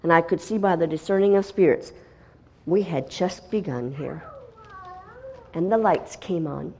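A woman's voice: lowish voice, unhurried, slight background noise. Middle-aged woman telling a dramatic testimony. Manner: dramatic storytelling, swinging from hushed to loud and excited. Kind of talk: spoken testimony.

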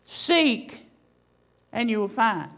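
A woman preaching a sermon in a high voice with a gravelly, creaky texture. She drives her points home with one rhetorical question after another, in an emphatic delivery. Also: big pitch swings, very slow, a bit bright, poor audio.

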